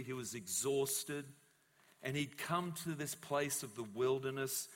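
A male pastor preaching a sermon in a long, reverberant church hall. He is animated and jumps in and out of the voices of the people in his story. His pitch sits in the middle for a man.

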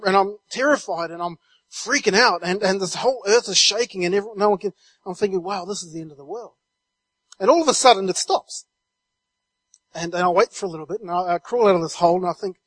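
A man from New Zealand gives his testimony as a guest speaker, his high voice recorded dry and close with no echo. He tells the story vividly, stringing phrases together with one "and" after another.

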